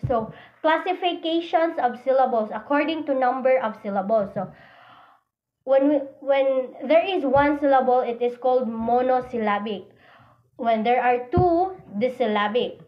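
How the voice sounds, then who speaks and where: A woman with a Cebuano accent delivers a classroom lecture in a high voice. She works steadily through definitions, often beginning with "so". The recording is muffled and lo-fi. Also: normal speed. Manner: reads out definitions, starts sentences with "so", switches into Cebuano. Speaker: presenter of a phonology lesson. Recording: dull lo-fi recording.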